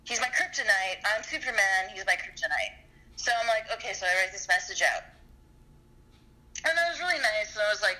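Bright, rambling, foul-mouthed woman caller. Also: medium pitch, animated, a little fast, poor audio. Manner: rambling, profane, emotional storytelling. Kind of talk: casual live-stream call.

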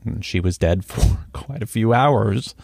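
A man's voice: fairly low pitch, measured pace, vocal fry, breathy edge, dry recording, clean studio sound. A man who was once a police sergeant, chatting casually on a podcast game, teasing and swearing, calling his co-host bro. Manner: animated, teasing, swears, calls partner bro.

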